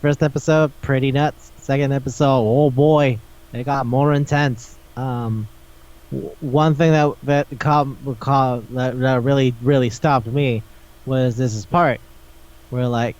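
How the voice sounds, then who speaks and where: Profane, excitable man on a podcast. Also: medium pitch, a little slow. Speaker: podcast host. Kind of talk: casual chat. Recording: dull lo-fi podcast audio.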